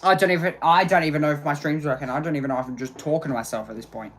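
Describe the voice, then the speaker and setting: Excitable young streamer man commentating races. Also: fairly high pitch, racing. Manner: chatty, exclaims and rambles in frustration. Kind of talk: amateur live-stream race commentary.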